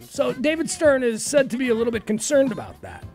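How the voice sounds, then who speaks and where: A woman's voice: fairly high pitch, huge pitch swings, darkish tone, faint music behind. Opinionated woman radio host. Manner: opinionated, quick, riffing. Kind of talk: casual talk radio commentary. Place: radio studio.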